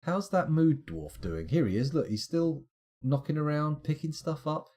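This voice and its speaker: A man's voice: a little high, lively intonation, normal speed, darkish tone. A man streaming a game live, thinking aloud in a chatty, self-mocking way. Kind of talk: live gameplay commentary.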